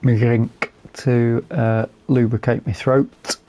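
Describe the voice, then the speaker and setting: A man with a hoarse, fading voice, calmly commentating a game as he plays and thinking aloud with fillers. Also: medium pitch, takes it slowly. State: losing his voice. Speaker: gaming video host.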